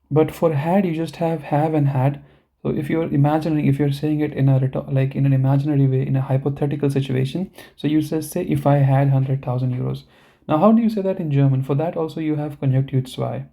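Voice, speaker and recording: A man's voice: medium pitch, vocal fry, dark tone. A man teaching a live online language lesson, explaining step by step and often checking in with the learners. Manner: slow, deliberate pronunciation of example words. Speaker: German teacher.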